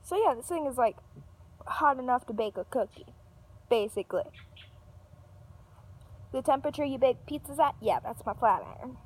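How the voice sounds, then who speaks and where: Young woman, casual storytime vlogger, chatty and rambling, slightly high voice, swears freely. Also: normal speed, long pauses, breathy edge. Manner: animated, yells when reenacting an argument; lots of filler and restarts, swears casually.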